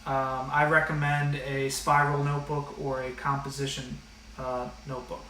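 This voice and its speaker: A man's voice: mid-range voice, level tone, normal speed, sharp tone, slight background noise. A man teaching an online math class and going over the rules, talking in a casual, direct way with a lot of fillers. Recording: echoey room, slightly distant mic.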